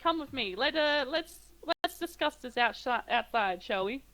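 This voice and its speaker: A woman's voice: high voice, expressive, moderate pace, fairly bright tone, rough recording. A woman voicing a friendly, ingratiating foreign man who calls the listener his friend. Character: smooth friendly foreign male stranger.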